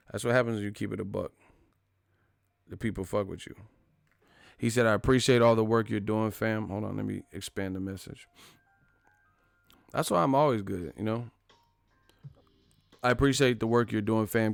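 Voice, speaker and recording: A man who runs a boxing channel hosts a live stream, talking casually and with profanity while retelling stories and acting out the quotes. His voice is lowish and gravelly, with no echo.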